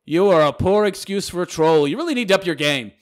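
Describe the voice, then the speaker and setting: A fast-talking man rants casually to camera, answering critics in a mocking, sarcastic tone. His voice sits a little high and swings widely in pitch. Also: animated. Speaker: video commentator replying to comments.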